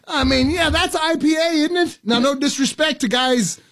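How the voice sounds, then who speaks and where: A man's voice: very high-pitched, normal speed, a bit bright. A man co-hosting a show in casual banter, folksy and joking. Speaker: co-host.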